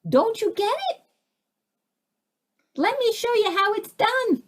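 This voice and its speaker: A woman voicing a calm, commanding spiritual savior, a man who speaks in a high, chiding, declaring tone. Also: slow, heavily acted.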